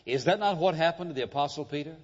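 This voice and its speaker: A man delivering a church sermon in a dramatic, emphatic style, dropping to hushed tones and then rising on key words. His voice rings out with a long hall reverb. The recording itself sounds dull and muffled. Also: a little high, fast talker. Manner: emphatic, dramatic preaching with sudden shifts in loudness and pace. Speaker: preacher.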